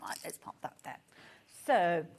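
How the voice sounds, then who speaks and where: An unhurried woman with a Birmingham accent presents fabric on a live shopping show from a studio, with slight background noise audible. She's chatty and gushing, and easily sidetracked.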